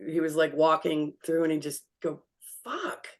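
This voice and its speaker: A woman co-hosting a podcast, telling a personal story in an animated way with laughter and free swearing. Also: deep voice, normal speed. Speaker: podcast co-host. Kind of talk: casual storytelling chat.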